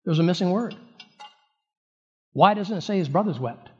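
A pastor preaching a sermon in an animated way, often repeating words and restarting. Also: male voice, high-pitched, normal speed, husky, highs cut off.

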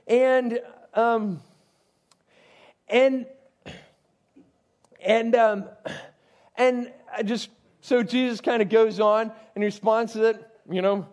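Man, youth pastor, high voice, casual Bible teaching, chatty and digressive. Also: steady tone, slow, pauses often, darkish tone. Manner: conversational, digressive, frequent asides to listeners.

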